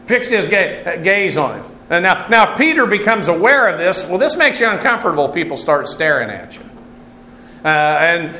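A man's voice: sits high, pushed and bright, roomy sound, slight background noise. A man teaching a Bible class as its pastor, working through Greek words methodically, spelling them out letter by letter, with many "uh" fillers. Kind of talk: verse-by-verse Greek word study.

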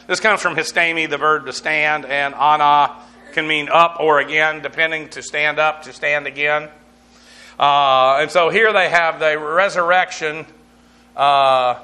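A man leads a verse-by-verse Bible lesson in a conversational teaching manner. His voice is bright and sits a little high for a man. He breaks down Greek terms and spells them letter by letter, with frequent fillers along the way. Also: unhurried.

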